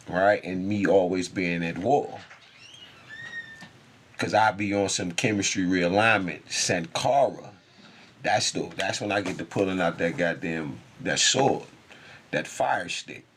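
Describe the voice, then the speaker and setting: A man's voice: low voice, fairly bright tone, husky. A man speaking in an intense, profane, rambling spiritual monologue, laughing often.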